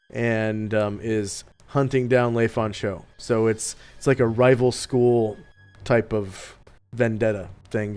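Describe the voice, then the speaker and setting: A man narrating as game master of an online tabletop game, in a relaxed, meandering way with many ums. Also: on the low side, smooth. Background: faint music.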